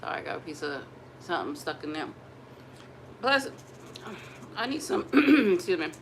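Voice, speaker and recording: A woman's voice: lowish voice, moderate pace, background noise. Chatty woman vlogging to camera. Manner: animated, chatty, laughs and talks to viewers. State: pregnant. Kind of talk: casual chat to camera.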